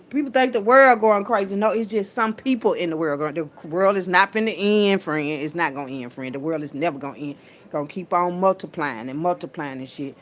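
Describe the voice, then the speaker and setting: A woman's voice: on the low side, fairly quick. A woman, preaching casually and profanely into her phone in a spiritual vlog. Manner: animated, preachy, profane, Southern US slang.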